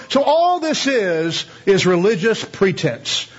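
A man's voice: high-pitched, sing-song, measured pace, hardly any pauses, slightly rough. A man preaching a sermon in a conversational way, asking the audience questions and laughing now and then. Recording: slightly dull lo-fi sound.

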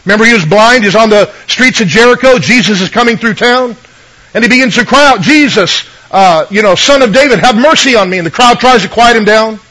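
A man's voice: extremely high pitch, sharp tone, low-quality recording. A man preaching a conversational sermon as pastor, retelling scripture stories and asking the congregation for amens.

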